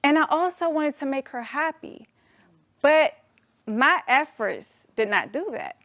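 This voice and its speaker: An adult woman telling a humorous personal story to an audience, animated and playful, calling them y'all. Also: high-pitched, measured pace, dry recording, studio quality. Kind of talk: storytelling talk.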